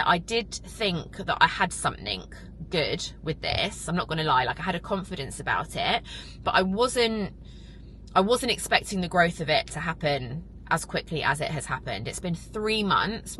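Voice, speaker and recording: A woman's voice: on the low side, pushed and bright, a little hiss or hum, rough recording. A young woman talking to camera in a casual vlog, emotional and rambling, with lots of fillers. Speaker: vlogger and podcast host.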